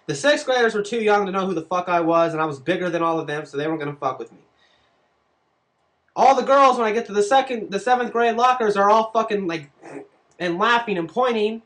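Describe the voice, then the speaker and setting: A man answering fan questions on his vlog, telling stories in a casual, profane and animated way. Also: high-pitched, brisk. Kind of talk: casual storytelling.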